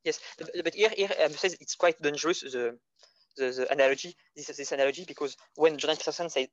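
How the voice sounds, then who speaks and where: A man from France with a French accent, speaking English as a second language as a podcast guest in a casual philosophical discussion, halting as he searches for words. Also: on the high side, no room sound. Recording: dull lo-fi audio.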